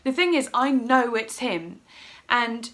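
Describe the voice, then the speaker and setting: Middle-aged woman vlogger, fairly high voice, casual and emotional, retells events by acting out what was said. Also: expressive, slow pace, a bit bright. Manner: emotional, rambling, acts out her own quotes. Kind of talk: casual storytelling vlog.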